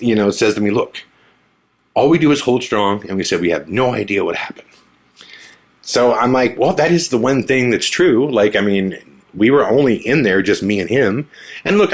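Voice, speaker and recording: A male podcast host telling a story in a casual, animated way, often laughing and acting out what people said. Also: medium pitch. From Omaha area, USA. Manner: animated, laughs often, acts out quoted lines.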